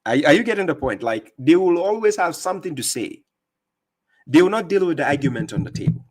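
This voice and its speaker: A man's voice: on the high side, very animated, brisk, a little mellow. A man with a non-native English accent hosting a live stream, reading viewer comments aloud and commenting emphatically, often repeating his words. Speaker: livestream host.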